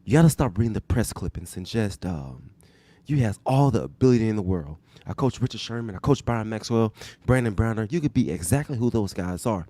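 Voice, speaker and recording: An earnest older football head coach reassures his players in a measured, fatherly way, as a man impersonates him, his voice sitting low and dry. The delivery is sincere rather than showy. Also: animated, mellow, no room sound. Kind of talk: impression in a podcast bit.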